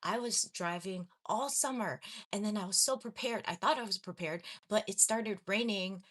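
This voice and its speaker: A woman's voice: medium pitch, normal speed, fairly bright tone. A young adult woman from Los Angeles chatting casually on a livestream, reading viewer comments and laughing at herself often. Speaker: livestream host.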